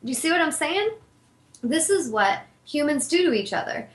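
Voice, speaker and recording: A woman's voice: high voice, sing-song, normal speed, slight background noise. A woman hosting a show as an intuitive healer, talking in an earnest, heartfelt and candid way about meditation and spirit. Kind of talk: spiritual talk monologue. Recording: echoey room.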